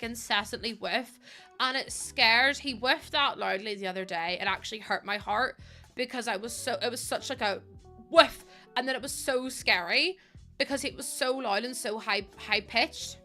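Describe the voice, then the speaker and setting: A young woman chats her way through a building game on stream, her voice bright and a touch high. She rambles easily, full of fillers and casual swearing. Soft music plays faintly behind her. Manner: rambling and chatty, with many fillers, swearing freely. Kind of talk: casual chat while playing a building game.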